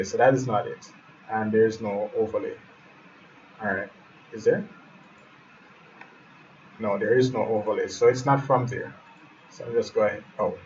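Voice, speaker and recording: Man thinking aloud through a web build. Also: medium pitch. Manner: thinks aloud, keeps addressing viewers as guys. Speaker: web design tutor. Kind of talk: live screen-share tutorial. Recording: muffled, distant mic with faint hiss.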